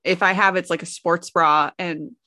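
A woman's voice: on the low side, steady tone, normal speed, sharp tone, no echo, studio quality. A woman co-hosting a casual chat, reading out questions and answering frankly, with lots of fillers and giggles.

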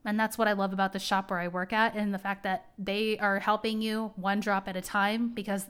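A woman's voice: medium pitch, level tone, a little fast, few pauses, a bit bright, smooth. A woman hosting her own podcast, talking casually and at length in a rambling, heartfelt way. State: tearing up. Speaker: podcast host. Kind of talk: casual personal talk.

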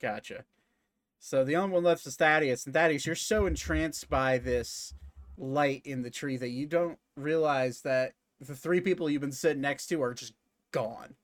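A man narrating as game master of a tabletop game in a casual, halting way with many fillers. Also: a little high, no room sound.

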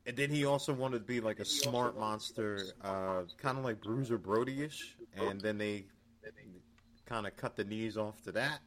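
A man co-hosting a podcast in casual chat, recapping news in a relaxed, chatty way. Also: fairly low pitch, moderate pace, a crowd in the background. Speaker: podcast co-host.

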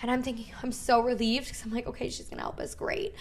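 A woman's voice: on the high side, fast, creaky. A woman in her thirties, a podcast host, casually telling a story, full of "like" and quoted dialogue. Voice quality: frequent "like" fillers, animated retelling with quoted dialogue.

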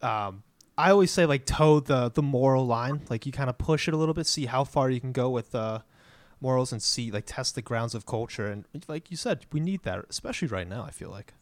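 A man co-hosting a podcast in a dry, close sound. He speaks quietly and agreeably, backing up his guest. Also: mid-range voice, lively intonation, fairly quick, no echo. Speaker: podcast co-host. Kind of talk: casual podcast interview.

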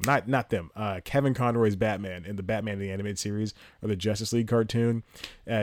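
A man hosting his own podcast alone, chatting casually and rambling through stories, laughing at himself and jumping into high-pitched impressions. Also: darkish tone, no room sound. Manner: rambling, self-mocking, laughs at own jokes; jumps into high-pitched impressions mid-story. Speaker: podcast host. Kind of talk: solo casual podcast chat. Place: home room with TV on. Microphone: home podcast mic, solo at laptop.

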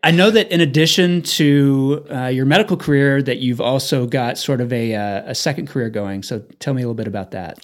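Man, interview host, relaxed, curious questions, conversational. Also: medium pitch, a little fast, hardly any pauses.

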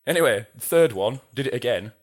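A middle-aged man tells animated tour stories as a podcast guest, swearing casually and breaking into laughter mid-sentence. His voice sits at an ordinary middle pitch for a man. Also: brisk. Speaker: guest, metal drummer. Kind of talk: casual interview storytelling.

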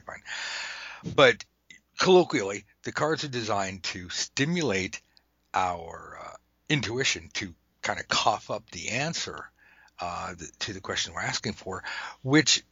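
A man hosting a tarot lesson in casual chat, animated and irreverent, swearing and slipping into whispered asides. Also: lowish voice, normal speed, slightly rough, no room sound. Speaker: tarot teacher and podcast host. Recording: dull lo-fi recording.

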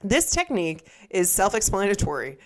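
A woman co-hosting a podcast talks in a chatty, joking way. She reads her notes aloud and groans between the grim facts. Her voice sits at an ordinary middle pitch. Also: sing-song, moderate pace. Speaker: podcast co-host. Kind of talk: casual podcast chat, reading notes aloud.

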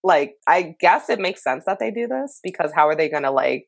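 A woman's voice: fairly low pitch, expressive, fairly quick, vocal fry, no room sound. A woman co-hosting a casual chat, blunt, swearing a lot and laughing often.

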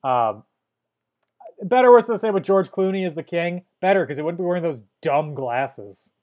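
A man's voice: a little high, lively intonation, a little mellow. Dry-humored man reviewing a movie. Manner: dry, wry, reads trivia haltingly. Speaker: podcast host. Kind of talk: casual movie review chat.

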